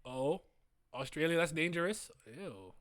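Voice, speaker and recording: A man hosting a casual manga reading reaction, excitable, laughing often and breaking into loud trash talk. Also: on the high side, unhurried, no echo, studio quality.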